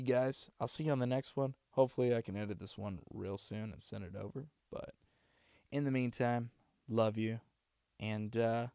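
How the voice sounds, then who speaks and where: Gravelly low man with a put-on Boston accent. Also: no room sound, clean studio sound. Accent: Boston, put on for practice. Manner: rambling, restarts often, warm thanks to viewers. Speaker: streamer and voice actor. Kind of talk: casual chat signing off a livestream. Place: home streaming setup downstairs.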